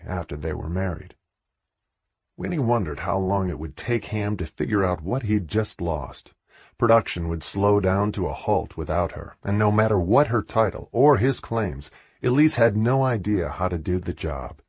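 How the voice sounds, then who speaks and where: A man reading an audiobook in a measured, expressive way. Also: fairly low pitch, husky, no room sound, dull audio. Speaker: audiobook narrator. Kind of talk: audiobook narration.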